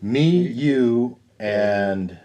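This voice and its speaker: A man's voice: medium pitch, animated, very slow, dark tone. A man playing a tabletop game with friends, chatty and joking. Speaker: player. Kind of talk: casual tabletop game chat.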